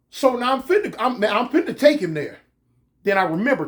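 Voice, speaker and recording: A man casually telling a comic story from his own life, animated and full of street slang. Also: very high voice. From California. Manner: animated, slangy, drawn-out pauses.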